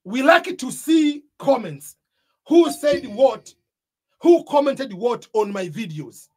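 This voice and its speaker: A man's voice: extremely high pitch, animated, slow, slightly rough. A man with an East African accent giving a motivational talk about starting a YouTube channel, stressing his points and repeating them. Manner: emphatic, repeats key points. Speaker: YouTube coach.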